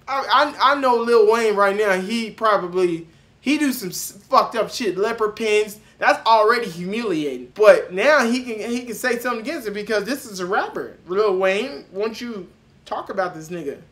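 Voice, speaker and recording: A young man doing loud, mocking reaction commentary, cursing and breaking into shouting laughs. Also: high-pitched, animated, moderate pace. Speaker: reaction video host.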